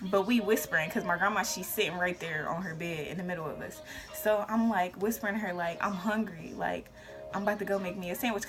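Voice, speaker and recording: Animated young woman telling a story. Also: mid-range voice. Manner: animated storytelling with whispered asides and shouted quotes. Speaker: vlogger. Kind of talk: casual storytime.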